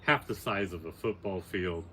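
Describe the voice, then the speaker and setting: A man's voice: low voice, normal speed, slight background noise. An older man telling a long story in a casual, plainspoken, matter-of-fact way. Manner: plainspoken, matter-of-fact, building to animated peaks. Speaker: podcast guest, storyteller.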